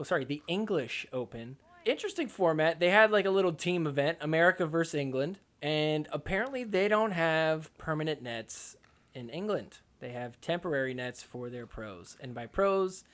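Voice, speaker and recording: A young man with a high-pitched voice hosts a sports podcast, talking over match footage. He recaps the games with a sarcastic, mocking edge and drops into quick put-on voices for the players. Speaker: podcast host. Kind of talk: comedic sports recap commentary.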